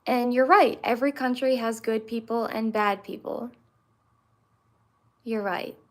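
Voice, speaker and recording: A woman in her twenties hosting a livestream, chatting with viewers and answering them with many pauses and fillers. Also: fairly high pitch. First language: English. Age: 20s. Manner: hesitant, many fillers and restarts. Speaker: livestream host.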